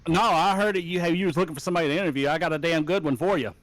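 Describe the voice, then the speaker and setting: A man's voice: fairly high pitch, rapid-fire, a bit bright, no echo. A man who races online, ranting angrily after a race and swearing constantly over voice chat. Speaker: sim racing driver. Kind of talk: profane post-race rant.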